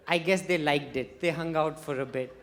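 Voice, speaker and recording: A stand-up comedian from India, talking in a chatty, halting way with many fillers on a festival stage. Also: medium pitch.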